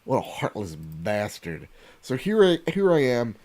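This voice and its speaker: A man hosting a casual podcast over a video call, excitable and swearing as he rattles off thank-yous. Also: mid-range voice, a little slow. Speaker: podcast host.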